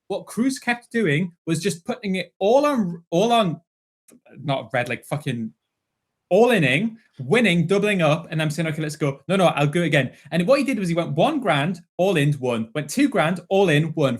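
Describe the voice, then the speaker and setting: A man telling casual, sweary anecdotes on a podcast, often laughing. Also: fairly high pitch. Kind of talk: casual chat.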